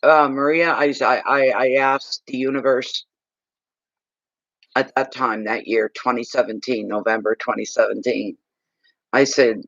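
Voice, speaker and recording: A man's voice: mid-range voice, steady tone, measured pace, creaky, fairly bright tone, dry recording, muffled recording. A man in his sixties, a psychic reader, chatting in a rambling, casual way on a livestream. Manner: rambling, chatty, talks while eating.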